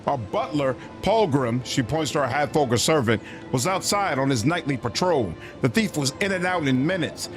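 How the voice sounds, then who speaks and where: A man's voice: fairly high pitch, expressive, moderate pace, few pauses, natural voice. A man voicing a flustered, prim, well-bred lady who owns a robbed manor, reading game dialogue aloud. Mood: earnest. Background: game music.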